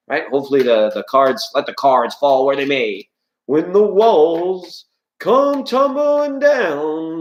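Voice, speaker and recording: A man hosting a live tarot reading, talking to his chat in a rambling, playful, jokey way. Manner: rambling, playful, jokey, shifting pitch and loudness. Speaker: tarot reader and livestream host. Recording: echoey room.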